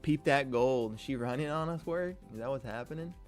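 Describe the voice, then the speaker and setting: With faint music playing and no room sound, a male day-trading livestream host speaks at a moderate pace in a mid-range voice. His talk is slangy, upbeat and full of hype, and he addresses viewers as "King."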